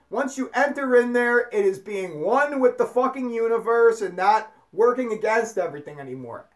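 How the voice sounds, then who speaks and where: Ranting, foul-mouthed spiritual speaker. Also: mid-range voice. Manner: emphatic, ranting, heavy swearing. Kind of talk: profane spiritual monologue.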